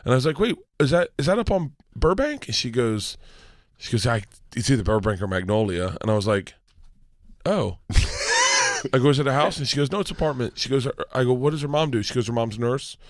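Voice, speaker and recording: Man, guest storyteller, lively swooping pitch, swears a lot, dry close mic. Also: a little fast, no echo. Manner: swearing, excitable, acts out dialogue. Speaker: guest comedian. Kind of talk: animated storytelling.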